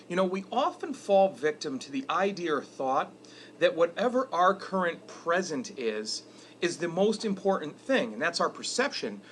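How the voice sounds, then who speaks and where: A middle-aged man with a slightly raised pitch talks earnestly to the camera in a reflective weekly message. His delivery is conversational and unhurried. A faint hiss of background noise sits under his voice. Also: fairly bright tone. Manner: earnest, conversational, retells stories with quoted dialogue. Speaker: educator giving weekly video messages.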